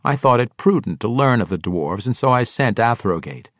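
A man voicing a calm, suave male dark-elf double agent with a cool, measured delivery, in an audiobook. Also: mid-range voice, dry recording, studio quality, pitched above the performer's own voice, lightly acted. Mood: composed. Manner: cool, measured, self-assured.

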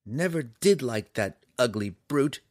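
A man voicing a young village girl, kind and loyal, with a raised, girlish pitch in an audiobook. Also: expressive, a little slow, no room sound, clean studio sound, close to an everyday voice. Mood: scornful. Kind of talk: audiobook character voice.

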